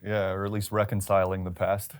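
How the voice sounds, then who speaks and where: A man with a fairly low voice co-hosts a relaxed business chat. He mostly listens and chimes in with short agreeing replies and quick quips. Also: smooth. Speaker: podcast co-host.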